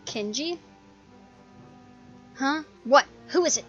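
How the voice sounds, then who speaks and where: A woman's voice: mid-range voice, flat delivery, measured pace, muffled recording, faint music behind, natural voice. A woman voicing a paranoid, brusque teenage boy in a game, blunt and conspiratorial.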